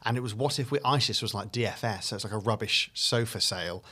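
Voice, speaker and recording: A man's voice: lowish voice, fast, pushed and bright. A man, a comedy writer and guest, telling a rambling story in casual podcast chat with lots of fillers. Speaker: comedy duo member, guest.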